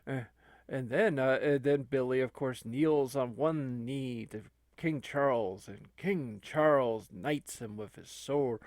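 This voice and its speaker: A man's voice: medium pitch, slow pace, darkish tone, no echo, clean studio sound. A man doing comedic gameplay commentary, wailing in mock melodrama. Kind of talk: comedic let's-play commentary.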